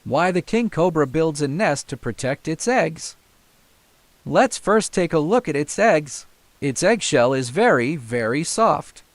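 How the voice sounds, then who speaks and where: Male field educator, animated delivery, slightly high voice, excitable commentary. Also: unhurried, no echo. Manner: excited exclamations, counting aloud. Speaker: snake educator.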